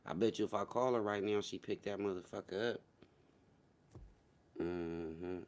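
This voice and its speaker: A man hosting a casual livestream, joking and profane, swinging between loud shouts and low mutters. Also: steady tone, moderate pace. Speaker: livestream host.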